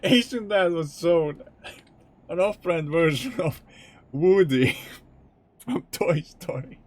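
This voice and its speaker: A man streaming a game and chatting casually, slightly high-voiced and slow-paced. His pitch moves around a lot, and he keeps dissolving into giggles. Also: expressive. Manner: giggly, keeps breaking into laughter.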